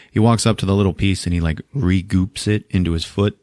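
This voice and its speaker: A man hosting a podcast, recapping a movie in a casual, profane, animated way and laughing often. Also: sits low, brisk, few pauses, dry recording, studio quality. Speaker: podcast host.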